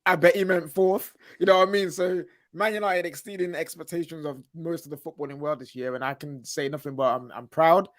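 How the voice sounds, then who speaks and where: A man's voice: on the high side, fairly even intonation, a little fast, hardly any pauses, no room sound, clean studio sound. A man speaking as a panelist on a casual football chat show, enthusiastic, with casual slang.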